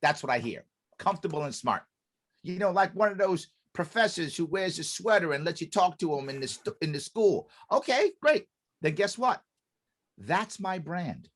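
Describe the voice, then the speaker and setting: A man with a somewhat high voice that swings widely as he talks. He is a podcast guest explaining a method with emphasis, circling back to repeat his main points. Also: moderate pace. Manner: animated, acts out quoted dialogue. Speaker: podcast guest, business consultant.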